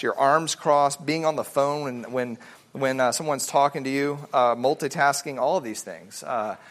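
A man teaching a family Bible study in a casual, animated way, acting out the voices he quotes. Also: a little high.

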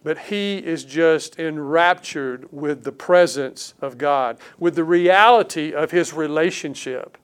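A man preaching a sermon, earnest and emphatic, leaning hard on key words and slowing down to stress them. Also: a little high, clean tone. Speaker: pastor.

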